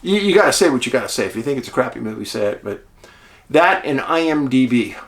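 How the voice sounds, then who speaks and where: A man's voice: mid-range voice, expressive, fast talker. A man hosting his show, talking in a folksy, chatty way straight to his viewers. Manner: folksy, chatty, addresses listeners as friends. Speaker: show host. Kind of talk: casual monologue.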